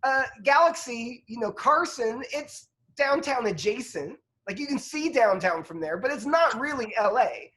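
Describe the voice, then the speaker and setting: A man co-hosting a casual sports podcast, talking in halting bursts full of restarts and asides. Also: extremely high pitch, lively intonation, bright, forceful tone. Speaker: podcast co-host.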